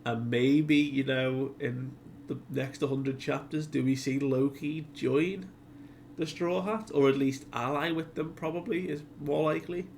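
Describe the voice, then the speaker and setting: A man's voice: a little high, steady tone, a little slow, darkish tone, slight background noise. A man hosting a casual comic chapter recap, chatty and full of fillers, who acts out the characters' lines. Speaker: manga discussion video host.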